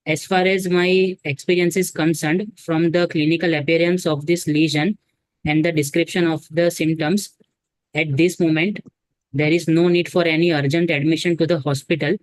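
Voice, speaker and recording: A man's voice: on the high side, level tone, normal speed, dry recording, low-quality recording. A man playing a doctor in a practice exam, speaking formally and hesitantly with many fillers. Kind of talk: medical role-play.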